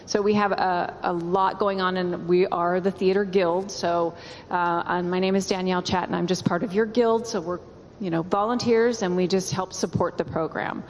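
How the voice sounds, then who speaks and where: A woman's voice: lowish voice, fairly even intonation, moderate pace, a little hiss or hum. A woman who volunteers with a theater guild, chatting and introducing people while moderating audience questions. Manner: friendly, chatty, laughing. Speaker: parent volunteer moderating talkback. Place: school auditorium. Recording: reverberant auditorium with crowd.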